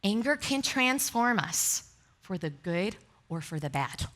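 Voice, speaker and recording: This middle-aged woman pastor has a medium pitch with big swings, an unhurried delivery, and a bit of brightness. Before her congregation in the sanctuary, she tells frank, self-mocking stories and laughs often.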